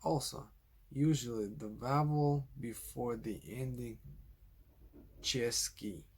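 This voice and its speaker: A man narrating a scripted language lesson, speaking slowly and deliberately, carefully spelling out example words. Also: medium pitch, a little mellow, husky. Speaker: language teacher.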